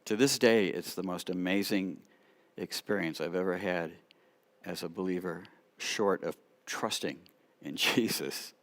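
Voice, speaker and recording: A middle-aged man telling stories in a sermon, lively, with sudden quiet asides. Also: sits low, unhurried. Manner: animated storyteller, drops to quiet asides. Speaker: rabbi preaching at church. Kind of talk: sermon storytelling.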